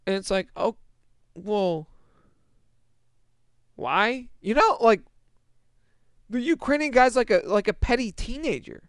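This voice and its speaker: A man's voice: sits high, lively intonation, slow, long pauses, a bit bright, no echo, studio quality. A young man in a casual, exasperated rant about a movie, swearing and restarting his sentences as he rambles. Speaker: movie reviewer.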